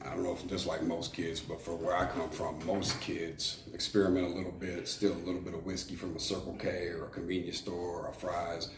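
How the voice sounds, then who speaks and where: Low-voiced man telling his story frankly. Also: monotone, a little fast, hardly any pauses. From Arizona. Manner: frank, rambling, frequent fillers and restarts. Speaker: interview guest, former prison shot caller. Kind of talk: candid storytelling interview. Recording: echoey room with faint noise.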